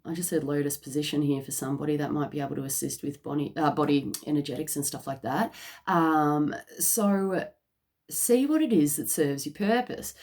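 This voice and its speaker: A woman with a lowish voice talks through a psychic card reading in a loose, conversational way. She keeps checking in with her listeners and fills her pauses with little fillers as she goes. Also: a little mellow. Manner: chatty, peppered with "okay?" check-ins and fillers. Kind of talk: casual channelled reading to camera.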